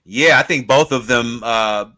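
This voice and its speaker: A man co-hosting a podcast in casual chat, agreeable and measured, often laughing along. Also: mid-range voice, bright, forceful tone. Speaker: podcast co-host.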